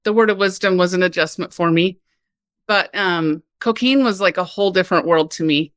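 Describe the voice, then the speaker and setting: A woman from Kansas, a podcast guest, telling her personal story in a lively, candid way with laughs and frequent "like". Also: lowish voice, fairly quick, no echo. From Kansas, United States.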